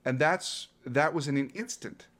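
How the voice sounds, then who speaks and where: A man's voice: a little high, normal speed, a bit bright. A man in his fifties, a coach, speaking earnestly and reflectively as an interview guest, often restarting his phrases. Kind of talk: interview guest telling a story.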